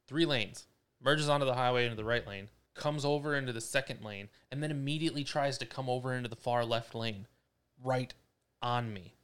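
Brief: young male podcast co-host, clear voice, animated and swearing a lot in casual chat. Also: mid-range voice, fairly quick. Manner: profane, animated storyteller.

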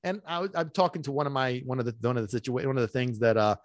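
A man hosting a podcast, telling a long story in an animated, rambling way that swings between loud bursts and muttered asides. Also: mid-range voice, very fast, dry recording, studio quality. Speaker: podcast host.

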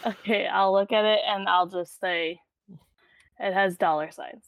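A woman with a middle-pitched voice plays her character in a tabletop game. She speaks bluntly and teasingly, in a matter-of-fact way. The sound is dry and close. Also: fairly even intonation, unhurried, no echo. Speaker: player. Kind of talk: playing a tabletop role-playing game.

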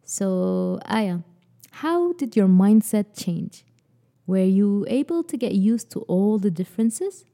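A woman hosts a podcast and asks her guest questions in a gentle, inviting way. Her tone is very dark and mellow, and her pitch rises and falls a lot. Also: very animated, slow, gravelly. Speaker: podcast host. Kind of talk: interview questions.

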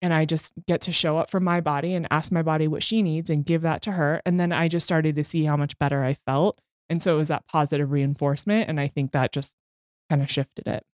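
A woman's voice: deep voice, steady tone, brisk, a little mellow, no echo, studio quality. A woman guest on a podcast, talking frankly and self-deprecatingly in a candid interview, swearing freely.

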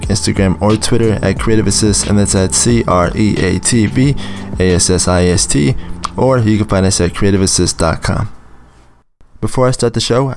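A man hosting a casual interview podcast, relaxed and quick to laugh, with a slightly rough morning voice. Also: lowish voice. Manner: relaxed, laughs easily, many ums. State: shaking off morning voice. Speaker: podcast host.

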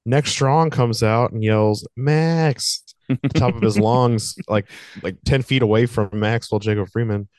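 Low, smooth-voiced man recapping wrestling. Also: fairly even intonation, normal speed, few pauses, darkish tone, dry recording, studio quality. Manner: laid-back, sarcastic recapping with fillers. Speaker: podcast co-host. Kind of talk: casual wrestling podcast chat.

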